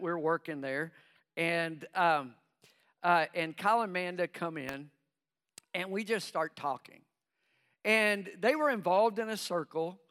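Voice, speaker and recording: Bright, clear-voiced man preaching a sermon. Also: sits high. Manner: preaching with call-and-response asides; acts out the inner voices of nervous believers. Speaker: pastor.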